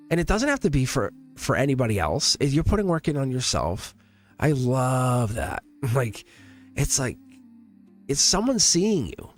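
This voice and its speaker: A man's voice: medium pitch, big pitch swings, normal speed, soft background music. A man hosting a live tarot stream in casual chat, talking in an earnest, rambling way with many fillers and restarts and frequent laughs. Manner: laughs often between thoughts. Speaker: tarot reader hosting a livestream.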